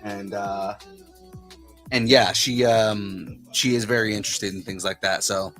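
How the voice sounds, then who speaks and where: A man with a lowish voice hosts a casual podcast interview, often stumbling and restarting as he talks. Faint music sits softly behind him. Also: fairly even intonation, a little slow. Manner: hesitant, many fillers and restarts. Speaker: podcast host.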